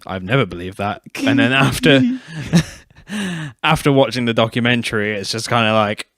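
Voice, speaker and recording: A man's voice: medium pitch, lively intonation, moderate pace, a bit bright, dry recording, clean studio sound. A British man co-hosting a podcast, talking casually and candidly. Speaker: podcast co-host. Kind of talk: casual chat.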